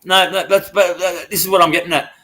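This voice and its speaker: A man's voice: high voice, fast talker, a crowd in the background. A man in his forties with an Australian accent, telling stories bluntly and with lots of swearing in casual podcast chat. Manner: blunt, swearing, animated storytelling. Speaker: podcast co-host.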